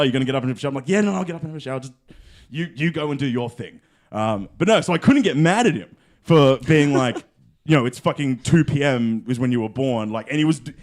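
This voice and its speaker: A young man with a mid-range voice co-hosts a podcast, telling a story in casual conversation. He's animated and swears, acting out the quotes as he goes.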